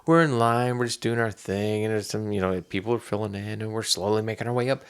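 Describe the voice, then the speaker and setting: A man's voice: lowish voice, fast, clean tone. A man co-hosting a podcast in casual chat, telling a rambling story with many restarts and bursts of laughter. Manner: animated when acting out scenes. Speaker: podcast co-host.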